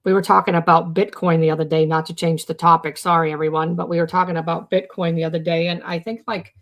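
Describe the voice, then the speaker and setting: A woman with a lowish voice talks quickly and levelly while hosting a casual live stream on mental health. She rambles through her chat with viewers in the comments, restarting sentences and packing them with "um" and "you know."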